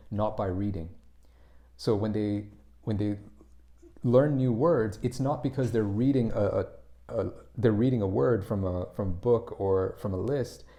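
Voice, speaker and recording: A man's voice: lowish voice, dark tone. A man explaining English pronunciation in a casual spoken lesson, often restarting and repeating words as he thinks.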